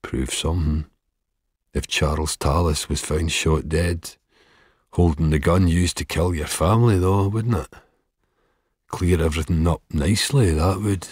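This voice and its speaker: A man voicing a cool, talkative male killer who speaks in a calm murmur in an audiobook. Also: deep voice, measured pace, slightly rough, dry recording, studio quality.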